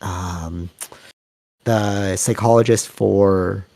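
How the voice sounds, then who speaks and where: A man with a lowish voice talks through ideas in a relaxed podcast chat. He rambles and circles back, acting out little quotes as he goes. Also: very slow, gravelly. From Canada. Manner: rambling, animated storytelling with acted-out quotes. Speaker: podcast co-host. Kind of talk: casual chat.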